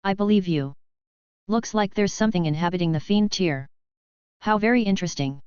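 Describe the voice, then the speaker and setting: A woman's voice: medium pitch, a little fast, darkish tone, clean tone, no echo, dull audio, close to an everyday voice. A woman voicing a confident young male hero in an audiobook, dry and matter-of-fact. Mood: wry. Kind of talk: audiobook character voice.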